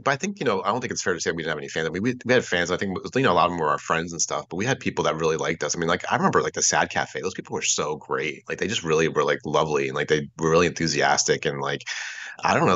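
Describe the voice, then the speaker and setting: A very deep male voice in his forties, quick and bright in tone, rambling through a casual chat full of filler words and loose swearing. He comes across a dull, lo-fi internet call. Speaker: podcast guest, former bandmate. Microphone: video call.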